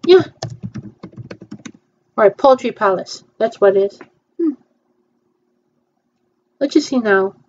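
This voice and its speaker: A woman's voice: a little high, expressive, slow, pauses often, a little mellow, dull audio, slight background noise. A woman chatting casually through a virtual theme-park tour, hesitant and playful, with frequent ums.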